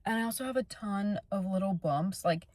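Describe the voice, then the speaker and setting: A woman's voice: mid-range voice, a little fast, darkish tone, no echo. Bubbly, gushing young woman vlogging. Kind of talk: casual vlog chat to camera. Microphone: phone camera.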